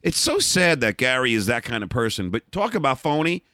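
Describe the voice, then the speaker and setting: A middle-aged man talks bluntly as an interview guest, his pitch swinging widely as he tells his stories. His tone is bright and forward, and he keeps stumbling into restarts and repeated words. The room sounds dry and close. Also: sing-song, brisk, no room sound. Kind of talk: candid storytelling in a conversation.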